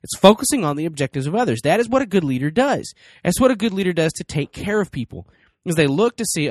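A man's voice: high-pitched, sing-song, fast, no room sound, studio quality. A man in his thirties giving casual parenting advice, acting out little dialogues between parent and child. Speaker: parenting speaker.

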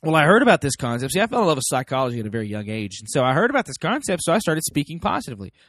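Male host, casual and animated, slightly high voice, dry close recording. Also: very fast, no echo. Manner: animated, folksy, acts out quoted voices. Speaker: parenting podcast host. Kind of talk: casual talk to listeners.

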